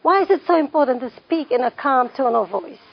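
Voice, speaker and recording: Woman instructor, high and gravelly voice, repeats key points, dull lo-fi recording. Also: expressive, fairly quick. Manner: repeats key phrases, emphatic. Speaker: parenting class instructor. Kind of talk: classroom teaching with questions to the audience.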